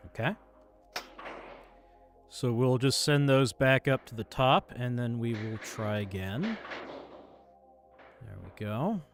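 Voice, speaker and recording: A man streaming a game, muttering calming mantras to himself between bursts of frustrated swearing. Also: medium pitch, slow pace, pauses often. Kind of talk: live game commentary. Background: faint game music.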